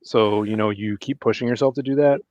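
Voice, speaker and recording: A man hosting a casual livestream, chatting with guests and plugging links to viewers in a relaxed way. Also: lowish voice, fairly quick, no room sound, soft background music. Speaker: livestream host. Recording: dull, dry lo-fi mic sound.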